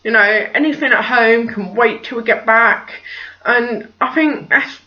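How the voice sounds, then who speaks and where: A woman's voice: fairly high pitch, unhurried, dull audio. A young woman chatting casually about parenting in her vlog, rambling and full of "like" and "just". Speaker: parenting vlogger.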